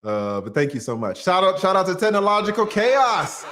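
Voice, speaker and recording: A man's voice: high-pitched, big pitch swings, normal speed, a bit bright, a little hiss or hum. A man hosting a livestream, joking and laughing often as he reads viewer super chats aloud in casual chat.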